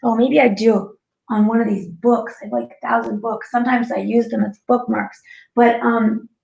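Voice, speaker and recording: A woman's voice: a little high, level tone, moderate pace, creaky, darkish tone. A woman giving a casual, rambling live-stream talk as a spiritual channeler, filling her speech with "like". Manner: chatty and rambling, heavy use of "like".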